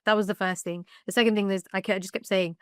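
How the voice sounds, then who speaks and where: A young woman telling her own story as a podcast guest, lively and emotional, often laughing and acting out what others said. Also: mid-range voice, fast talker, clean tone, no echo, studio quality. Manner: lively, laughing retelling with quoted dialogue. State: emotional, close to tears. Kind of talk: personal storytelling.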